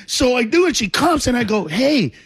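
A man, a comedian and guest on a radio show, telling a story in an excitable way that breaks into shouts and laughs, in a radio studio on a studio mic. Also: very high voice, a little slow, background noise.

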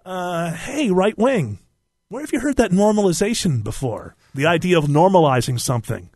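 A man with a high, lively voice hosts a podcast and preaches his views with passion. His delivery swoops up and down as he presses each point. The sound is close and dry. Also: moderate pace, no echo. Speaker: host. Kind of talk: opinionated podcast talk.

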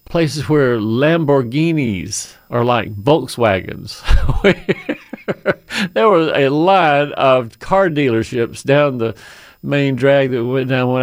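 A man's voice: medium pitch, no echo. A man hosting a gardening call-in radio show, telling travel stories in a folksy, chatty way and laughing often. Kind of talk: casual radio chat. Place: radio studio.

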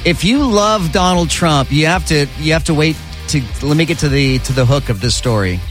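This talk radio host has a fairly high pitch and lively intonation, with faint music behind him and a studio microphone. He's sarcastic and opinionated, hammering his points through repetition and drawn-out emphasis.

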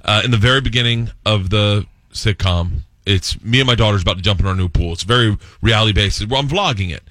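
A man telling a rambling, excited comic story as a guest, laughing often and restarting his sentences. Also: on the low side, fast, no echo. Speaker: guest comedian. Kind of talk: comic storytelling, pitching a sitcom idea.

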